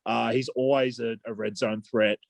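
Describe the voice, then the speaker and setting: A man's voice: medium pitch, level tone, normal speed, vocal fry, no room sound. An Australian man co-hosting a fantasy football podcast, talking casually and hesitantly with frequent restarts. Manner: hesitant, many restarts and "I just think".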